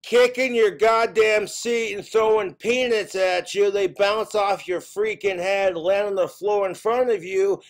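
A man with a notably high voice works through a stand-up routine. His delivery is exasperated and full of profanity. He keeps slipping into quick character voices as he tells the story. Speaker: stand-up comedian.

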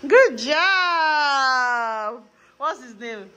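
A woman's voice: high voice, expressive, very slow, pushed and bright, a little hiss or hum. A woman vlogging casually at home, coaxing and calling her dogs and laughing often. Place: home indoors.

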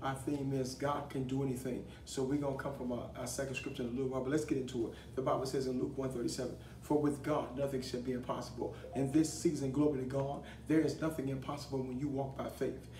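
A man preaching a broadcast sermon as an apostle, leading call-and-response and building to fervent, shouted declarations. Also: mid-range voice, level tone, fast, few pauses. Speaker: apostle and pastor. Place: studio desk setting. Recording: roomy echo, distant mic, faint hiss.

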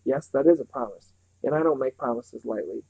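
A man's voice: mid-range voice, expressive, brisk, creaky, darkish tone, breathy edge, no room sound, rough recording. A man reading a coaxing sinister stranger. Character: sinister man offering false comfort.

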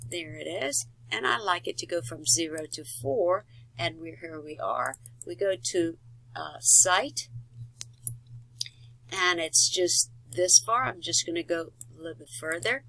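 Low gravelly woman teaching software. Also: unhurried, low-quality recording. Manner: steady step-by-step instructions with fillers and self-corrections. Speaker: instructor. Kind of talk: software tutorial narration.

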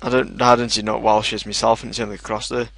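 A British man chatting casually while playing a game, easygoing and quick to laugh. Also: on the low side, flat delivery, creaky, a bit bright, dry recording. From Britain. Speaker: game player. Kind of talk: casual gameplay chat.

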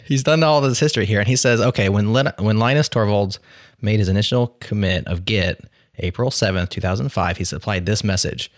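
A man's voice: fairly low pitch, a little fast, no room sound, studio quality. A man hosting a podcast in casual tech chat, curious and asking follow-up questions. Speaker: podcast host.

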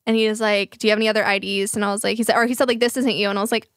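A woman in her twenties chatting casually as a podcast host, telling an animated story, acting out quotes and swearing freely. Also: medium pitch, racing, no room sound, studio quality. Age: 20s. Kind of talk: casual chat.

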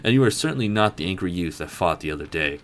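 A man voicing a dignified, noble dojo master who speaks in a grand, formal, measured way. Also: deep voice, lively intonation, fairly bright tone, a little hiss or hum. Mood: solemn.

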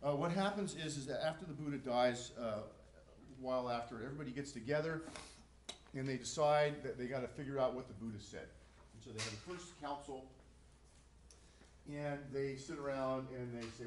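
A male professor gives a casual lecture, full of ums and quick restarts. His voice sits at a middle pitch and sounds roomy and echoey in the classroom. A faint hum runs underneath. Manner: casual, many fillers and restarts. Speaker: psychology professor.

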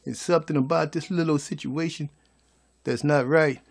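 A man's voice: on the high side, fairly even intonation, normal speed, gravelly. A man putting on a timid adult who nervously and politely asks to talk things over. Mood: hesitant. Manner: soft, hesitant, polite.

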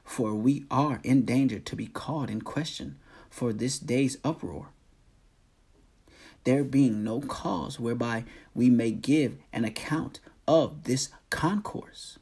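A man reading the part of a town clerk calming a crowd, in a slow, measured, solemn manner. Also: mid-range voice, gravelly, breathy edge, full character voice. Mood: placating.

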